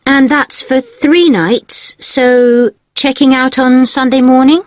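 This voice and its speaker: A woman's voice: sits high, fairly even intonation, slow pace, no echo, studio quality. A woman playing a polite hotel receptionist in a scripted exam dialogue, using a formal service tone. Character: courteous female hotel receptionist.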